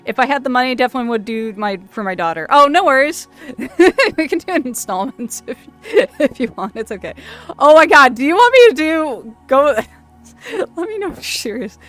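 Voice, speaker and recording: A woman hosting a casual livestream, chatty and quick to laugh, often stumbling and restarting her words. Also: high voice, very animated, a bit bright, faint music behind. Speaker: streamer host.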